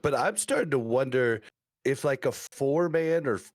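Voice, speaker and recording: A man's voice: medium pitch, animated, normal speed, no echo, clean studio sound. A man co-hosting a casual podcast chat, talking in a laid-back, agreeable way. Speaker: podcast co-host.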